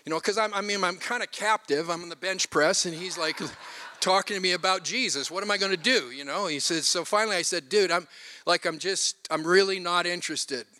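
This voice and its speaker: Bright, high-voiced preacher. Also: male voice, fairly quick. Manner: animated, retells stories with quoted voices. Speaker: pastor. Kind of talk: sermon with storytelling.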